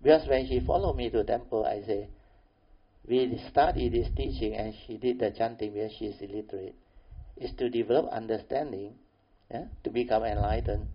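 An older man telling a family story, animated and pressing harder when he makes a point. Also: medium pitch, moderate pace, slightly rough. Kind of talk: storytelling talk. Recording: dull lo-fi recording.

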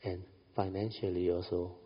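A middle-aged man with a low, husky voice and a Malaysian English accent tells a family story, often tossing in "you know". His voice carries a long hall reverb, and the recording sounds dull. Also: flat delivery, normal speed. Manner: chatty, frequent "you know", light laughs. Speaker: speaker recounting a family story. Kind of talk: storytelling talk.

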